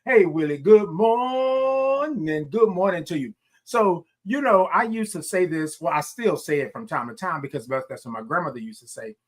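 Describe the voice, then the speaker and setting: A man's voice: fairly high pitch, fairly quick, husky. A man from Houston with a Southern Texas twang, hosting a casual morning livestream, folksy and repetitive, greeting viewers by name. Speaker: morning show host.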